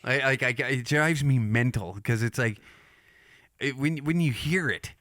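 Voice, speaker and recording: Dude hosting a podcast, crude and rambly, laughs a lot, dry close mic. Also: male voice, medium pitch, measured pace, fairly bright tone, dry recording. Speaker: podcast host. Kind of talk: casual chat.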